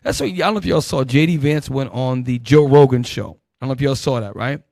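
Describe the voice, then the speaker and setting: A man leading a Bible teaching sermon, calling out verses and swinging between loud emphatic bursts and low asides. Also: fairly quick, vocal fry, no echo. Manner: calls out verses and directs helpers.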